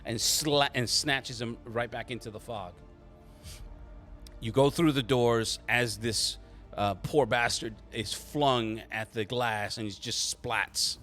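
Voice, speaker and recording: A man narrating a tabletop game as game master, halting and restarting, with quick voiced asides. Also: mid-range voice, fairly even intonation, fairly bright tone, faint music behind.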